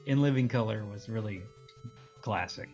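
A man in relaxed podcast chat who wanders into tangents and chuckles as he talks, with his voice at an ordinary pitch. Faint music sits quietly behind him. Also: moderate pace, dull audio. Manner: rambling, goes off on tangents, chuckles often. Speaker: podcast co-host.

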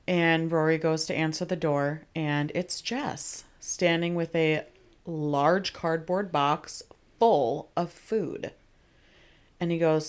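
A young woman chats through a TV episode on a podcast, retelling scenes as quick quoted asides. Her voice sits a little low, and she laughs easily as she talks. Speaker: podcast co-host. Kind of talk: casual chat recapping a TV episode.

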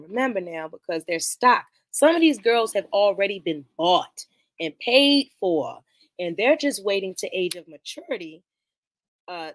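A woman's voice: medium pitch, no echo. Slangy woman telling a movie story. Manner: animated, slangy storytelling with frequent profanity. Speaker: podcast host reviewing a film. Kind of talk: casual movie commentary.

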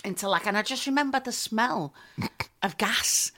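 A woman in her fifties with a Liverpool accent, a stage actress and singer telling lively stories as an interview guest and laughing easily. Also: a little high, normal speed, background noise. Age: 50s. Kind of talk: casual chat interview.

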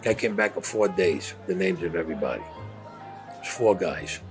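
A man's voice: deep voice, moderate pace, over music. A man telling a blunt, profane story as an interviewee, acting out the dialogue as he goes. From New York. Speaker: former mobster interviewee.

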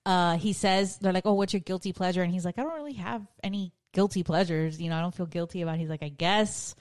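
A woman co-hosting a podcast in casual chat, chatty and quick to laugh as she retells stories. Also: lowish voice, a little mellow. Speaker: podcast co-host.

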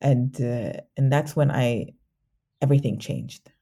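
A woman guest in an interview, reflecting candidly on a personal journey, halting often with restarts and fillers. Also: very deep voice, steady tone, gravelly, dark tone.

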